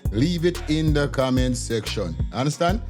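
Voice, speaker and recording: An emphatic man hosting a commentary channel, addressing viewers in a loose conversational way. He keeps returning to the same stock phrases. Loud music plays underneath him throughout. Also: medium pitch, expressive, normal speed. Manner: emphatic, repeats "definitely" and "you understand". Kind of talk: casual news commentary to viewers. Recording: music playing loudly underneath. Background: background music.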